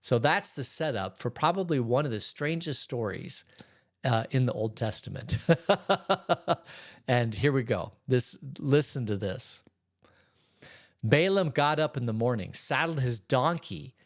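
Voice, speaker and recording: A man who is a pastor, giving a relaxed, conversational Bible teaching in church, reading scripture aloud and retelling it in everyday words. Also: medium pitch.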